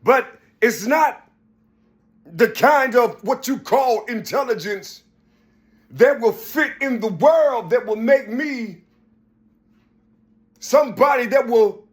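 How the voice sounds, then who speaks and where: An adult man giving a rambling spiritual monologue, preachy and repetitive, often jumping between high and low voices. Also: expressive, slow, long pauses. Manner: preachy, repeats "you see".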